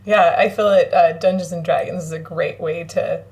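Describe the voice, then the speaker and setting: A woman's voice: on the low side, steady tone, moderate pace, a little mellow. A woman vocal coach joins a live stream as a guest. She speaks casually, mostly in short reactions, and laughs often.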